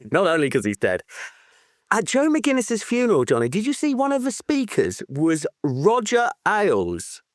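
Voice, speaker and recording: A man co-hosting a football book podcast, talking in an animated, excitable way, swearing freely and laughing often. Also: high-pitched, normal speed, no echo, clean studio sound. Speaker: podcast co-host. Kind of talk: casual book-club chat.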